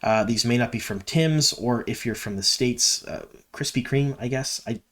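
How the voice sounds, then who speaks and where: A man's voice: mid-range voice, normal speed, a bit bright. Chatty enthusiastic man from Canada. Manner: chatty and enthusiastic, many ums. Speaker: fan video host. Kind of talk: casual fan commentary.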